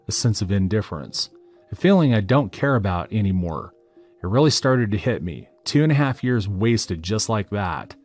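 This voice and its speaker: A man with a fairly low voice narrates a first-person story in scripted form. He reads it steadily and matter-of-factly, keeping an even tone.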